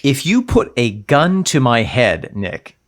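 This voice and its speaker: A man's voice: mid-range voice, sing-song, slow. A man co-hosting a podcast, making dry, playful wisecracks in casual chat. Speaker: podcast co-host.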